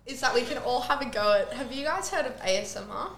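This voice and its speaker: A young woman with a somewhat high voice runs a playful group activity as a teacher, upbeat and coaxing. The room is echoey, and there is clear background noise. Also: expressive, fast talker, a bit bright. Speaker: teacher leading children in an activity. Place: indoor room with a group of children.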